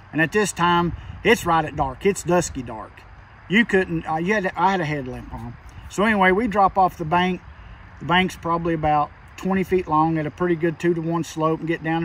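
A man recounts a hunting trip in plain rural dialect, tense and emphatic throughout. His voice sits high for a man, and it is caught slightly off-mic, a little distant, like a recorded phone call. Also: a bit bright, a little hiss or hum. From Kentucky. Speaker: hunter telling an encounter. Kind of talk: casual storytelling.

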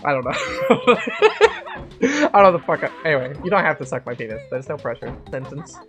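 A woman's voice: very deep voice, expressive, fairly quick, dull audio, over music. A woman chatting casually while streaming a game, rambling and joking with plenty of swearing. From Canada. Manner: rambling, jokey, swears freely. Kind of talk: casual gaming stream chat.

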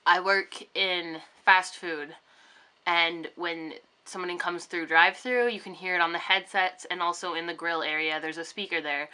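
A young woman talks straight to a camera set up in her bedroom, chatty and rambling with plenty of ums and likes. Her voice sits low but sounds bright and clear, and she wanders from thought to thought. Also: fairly even intonation, moderate pace. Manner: chatty, rambling, full of fillers. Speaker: vlogger. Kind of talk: casual vlog chat. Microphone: camera on a tripod facing her.

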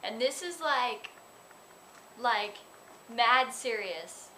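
A woman actress telling a lively on-set story in an interview, chatty and full of "like". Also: fairly high pitch, extremely slow, a little hiss or hum. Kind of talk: animated anecdote in interview.

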